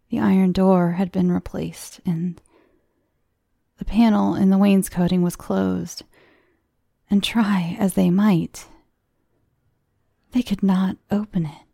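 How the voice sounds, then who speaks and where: A woman reading a horror story aloud in a hushed, near-whispered storytelling voice. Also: mid-range voice, creaky, breathy edge, no room sound, clean studio sound. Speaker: narrator.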